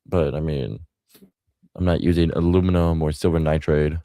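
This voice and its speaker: Laid-back male sidekick, low and mellow, dry close sound, halting delivery. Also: fairly even intonation, no room sound. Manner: hesitant, mumbling, short replies. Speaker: co-host. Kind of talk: casual radio talk.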